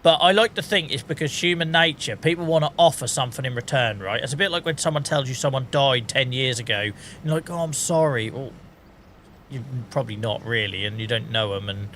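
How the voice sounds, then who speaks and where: Speaking a little fast in a somewhat bright, medium-pitched voice, this British man streams a game and rants in casual chat. He laughs frequently at his own jokes, and there's slight background noise.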